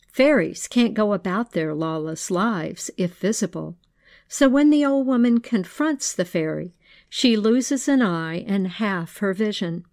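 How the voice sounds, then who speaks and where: A woman telling an old folk tale in a measured, old-fashioned manner, then reflecting on its meaning. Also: medium pitch, darkish tone, no room sound. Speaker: storyteller. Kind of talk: storytelling narration, then reflective commentary.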